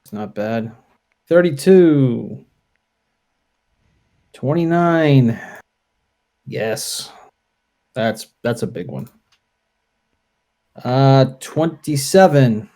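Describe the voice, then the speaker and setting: A man talks his way through a tabletop wargame at an unhurried pace, calling out each roll in a steady mid-range voice. His delivery is deliberate and casual, as if playing with a friend. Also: mid-range voice. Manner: deliberate, reads dice results aloud. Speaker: wargame player. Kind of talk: casual play-through commentary.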